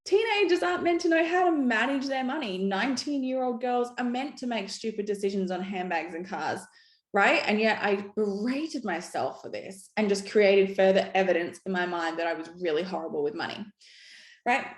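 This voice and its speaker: A woman's voice: mid-range voice, expressive, moderate pace. A woman in her thirties giving a frank, upbeat motivational talk on money as a coach. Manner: frank, upbeat, peppered with "right?". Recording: roomy echo.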